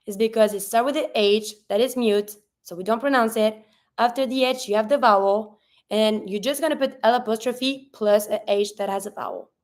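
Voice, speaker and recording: A woman with a French Canadian accent teaching French pronunciation, spelling out sounds and slowing down for each model word. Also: on the high side. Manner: patient, spells out sounds, slows down for model words. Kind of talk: pronunciation lesson.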